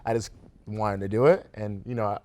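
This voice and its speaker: A young adult restaurant owner from Grand Rapids, Michigan, chats as a guest in a radio studio, his fairly low, dark voice moving briskly with fairly even intonation. He laughs a lot and keeps it relaxed, tossing in "right?" and "kinda."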